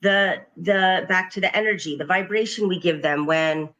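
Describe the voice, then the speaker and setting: Through dull-sounding audio, a middle-aged woman speaks earnestly and reflectively in a podcast interview, frequently quoting her own words to her children. She's a parent coach and occupational therapist, with a fairly low, fairly bright voice at normal speed.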